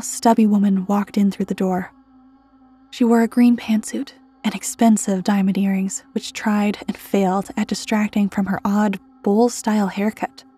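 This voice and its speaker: A woman reads a scripted horror story in a measured, even way. Her voice is mellow and warm, with a husky edge. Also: mid-range voice, no room sound.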